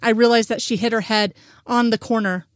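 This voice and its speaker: Lady reading fanfic out loud, first person, earnest, dead dry mic. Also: on the high side, fairly even intonation, fairly quick, no echo. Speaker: narrator, fanfic reader. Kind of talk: first-person audiobook narration.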